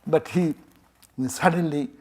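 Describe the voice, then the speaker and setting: A man's voice: a little high, slow pace. Older Indian man telling a sermon story. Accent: Indian English. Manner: animated, acts out dialogue, chuckles often. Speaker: swami giving a temple talk.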